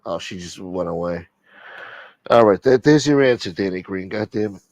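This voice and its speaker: A man's voice: low voice, expressive, normal speed, darkish tone, no echo. A man hosting a late-night livestream, chatting casually in a blunt, profane, streetwise manner. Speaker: livestream host.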